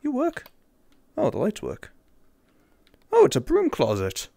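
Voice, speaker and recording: A man's voice: sits high, a little slow, creaky, dry recording. English man, young adult, game commentary, sarcastic, swings up and down, dry close sound. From England. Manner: jokey, sarcastic, excitable. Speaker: gamer.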